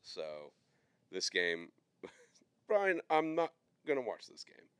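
With a medium pitch that swoops wildly, this co-host takes his time, his tone a bit bright, clear and resonant on a dry recording. He chats loosely about sports bets on the podcast, rambling with lots of fillers.

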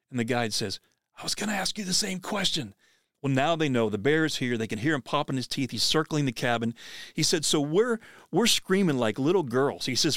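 A man hosting a podcast, telling a story in an animated way, acting out the quoted speech of the people in it. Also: medium pitch, no room sound, clean studio sound.

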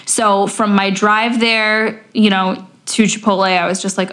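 A woman co-hosting a podcast, telling a story in a lively, profane, casual way. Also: mid-range voice, unhurried, hardly any pauses. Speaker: podcast co-host.

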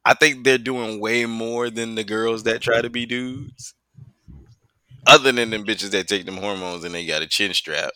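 A man co-hosting a casual podcast chat, loud and laughing, breaking into mocking voices. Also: fairly low pitch, unhurried, dry recording. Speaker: podcast co-host.

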